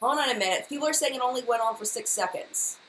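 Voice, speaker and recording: A woman's voice: a little high, fast, fairly bright tone. A young adult woman hosting a casual live-stream chat as a beauty YouTuber, talking in a flustered, chatty and apologetic way. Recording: echoey room with faint background hiss.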